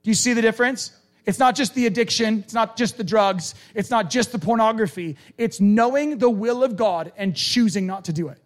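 A male preacher giving a conversational, animated sermon and acting out quoted lines. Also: sits high, brisk.

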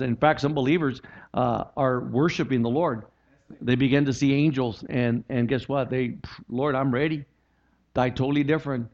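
A man's voice: mid-range voice, dull audio. A male pastor preaching a sermon, quoting scripture and appealing earnestly to his congregation. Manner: preaching, animated with rising emphasis and scripture quotes.

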